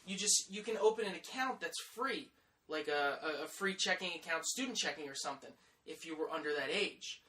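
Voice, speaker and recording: Podcast co-host, man, 30s, bright voice, profane and over-the-top, light background hiss. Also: a little high, lively intonation, brisk. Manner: vulgar, over-the-top ranting. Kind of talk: profane comedic rant.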